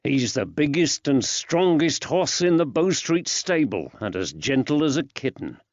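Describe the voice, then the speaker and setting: A man reading an audiobook, voicing a steady police detective who speaks in a firm, soothing, reassuring way, a touch raised and louder than his narration. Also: mid-range voice, measured pace, dry recording, dull audio. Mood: kindly.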